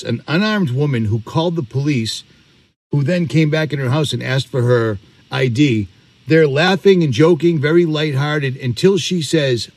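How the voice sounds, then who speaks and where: A man's voice: mid-range voice, darkish tone, no echo. A man speaks to his camera outdoors in an earnest, preaching tone. He drives his points home by repeating words. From Boston, USA. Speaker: vlogger. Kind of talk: emphatic commentary to camera. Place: outdoors on a rural property.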